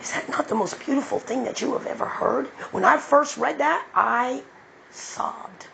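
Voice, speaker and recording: A woman's voice: high-pitched, a little fast, gravelly, a bit bright, slight background noise, poor audio. A woman preaching with fiery, profane emphasis, then praying aloud. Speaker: online preacher. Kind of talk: impassioned preaching and prayer.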